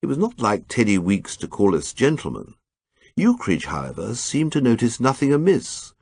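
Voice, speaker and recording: Gravelly man narrating an audiobook. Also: fairly low pitch, wildly swooping pitch, normal speed, a little mellow, no room sound. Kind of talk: scripted narration.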